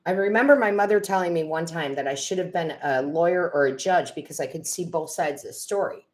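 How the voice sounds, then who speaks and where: A middle-aged woman with a notably low voice hosts a casual live stream as a tarot reader. She talks to viewers by name, laughs easily and gets emotional. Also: brisk.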